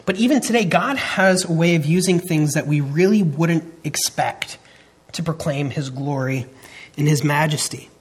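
A man's voice: on the high side, moderate pace, husky. A man in his thirties preaching a sermon, earnest and emphatic, often restarting his phrases. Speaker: pastor.

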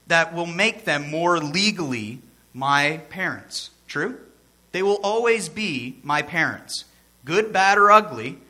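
A male pastor delivers a sermon in a bright, forceful voice that sits a little higher than most men's. He talks conversationally, drops in joking asides, and repeats phrases to drive his points home.

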